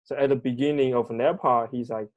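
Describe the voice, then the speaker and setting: Male co-host, mid-pitched, measured delivery, simple phrasing with small slips. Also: fairly even intonation, dry recording, muffled recording. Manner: measured, plain grammar slips. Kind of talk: casual discussion.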